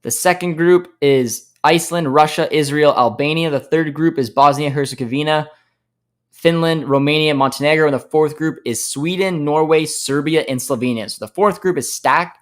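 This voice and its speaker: A man's voice: fairly high pitch, moderate pace. A young man from Canada hosting a casual live stream, reading viewer comments aloud and answering them with frequent laughs. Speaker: host.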